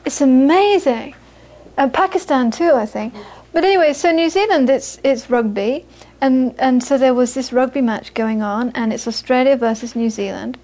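A woman's voice: sits high, moderate pace, a little mellow. A woman Buddhist teacher giving a dharma talk to a group, telling stories with frequent restarts and repeated words.

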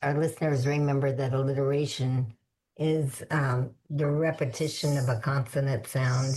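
A woman's voice: rumbling low, fairly even intonation, moderate pace, a little mellow. A woman hosting a show and interviewing poets, speaking hesitantly with many fillers. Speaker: radio show host.

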